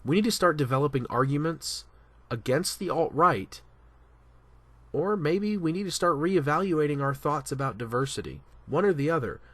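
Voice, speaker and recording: A man talking through a casual opinion commentary, animated and emphatic, often restarting his sentences. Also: a little high, normal speed, husky, dry recording. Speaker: commentary vlogger.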